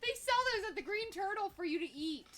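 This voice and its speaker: A woman's voice: very high-pitched, animated, a little fast, a bit bright. A woman co-hosting a casual livestream podcast, teasing her partner in a dry way. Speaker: podcast co-host.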